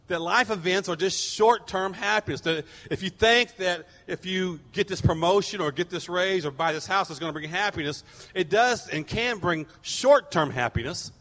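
A pastor preaching a sermon, telling stories animatedly and acting out people's voices. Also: male voice, sits high, bright, forceful tone, long reverb tail.

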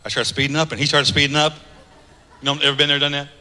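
A man preaching a sermon, driving points home with emphatic repetition and easing into softer storytelling. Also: on the high side, level tone, fast, big-room sound. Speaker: pastor.

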